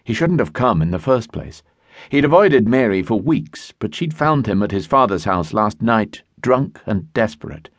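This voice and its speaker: A man narrating a historical romance audiobook in a measured storytelling voice, recorded in a studio. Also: lowish voice, very animated, no room sound. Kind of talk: scripted narration. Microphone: studio mic.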